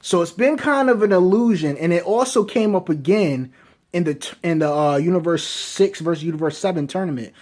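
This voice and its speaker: A man giving casual fan commentary, talking excitedly and asking rhetorical questions over and over. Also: high-pitched, fairly quick. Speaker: anime reviewer.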